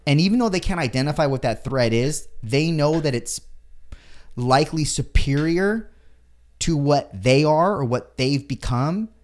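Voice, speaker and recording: A man chatting on a podcast in a measured, reflective way, searching for the right words as he speaks. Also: a little high, lively intonation. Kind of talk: casual podcast chat.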